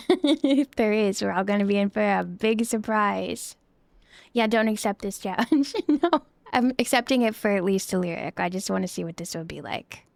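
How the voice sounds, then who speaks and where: A woman's voice: medium pitch, normal speed, gravelly, no room sound. A young woman livestreaming, chatting casually and giggly with her viewers into a close desk microphone. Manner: bubbly and giggly, chatty asides. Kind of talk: casual chat with live viewers.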